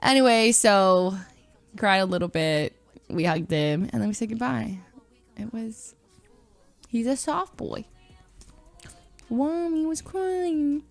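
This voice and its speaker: A woman's voice: mid-range voice, measured pace, gravelly, pauses often, dry recording, faint music behind. Giggly young woman streamer, dry close sound. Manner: animated, giggly, acts out others' lines. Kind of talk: casual storytelling to stream chat.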